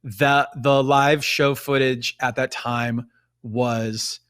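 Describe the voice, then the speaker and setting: A man's voice: mid-range voice, fairly even intonation, extremely slow, fairly bright tone, smooth. A man in his forties, a musician guest, chatting casually in an interview and rambling with many restarts.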